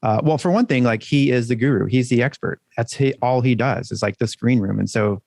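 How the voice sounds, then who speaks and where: A man's voice: mid-range voice, brisk, gravelly, darkish tone, dry recording, studio quality. A man co-hosting a podcast in loose, joking banter, swearing freely as he chats. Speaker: podcast co-host.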